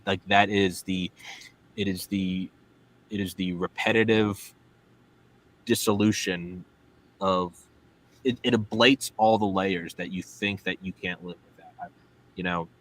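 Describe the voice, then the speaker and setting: A man's voice: on the low side, fairly bright tone, a little hiss or hum, low-quality recording. A man hosting a podcast, reflecting earnestly in casual talk and peppering his speech with "like". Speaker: podcast host.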